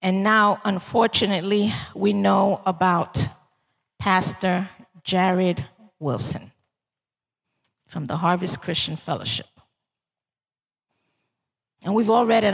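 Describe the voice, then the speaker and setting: A woman's voice: medium pitch, gravelly, breathy edge. A woman preaching a sermon in a conversational way, often turning to the congregation to check they follow. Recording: long reverb of a large hall.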